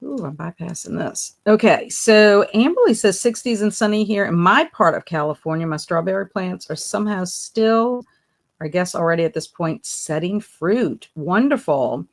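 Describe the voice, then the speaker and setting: A woman's voice: fairly low pitch, lively intonation, moderate pace, vocal fry. Lady on a book livestream, chatty and upbeat, sing-songy hellos to viewers, middle-aged. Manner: chatty and upbeat, greets viewers by name with a sing-song lift. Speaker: booktube host. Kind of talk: casual livestream chat reading viewer comments.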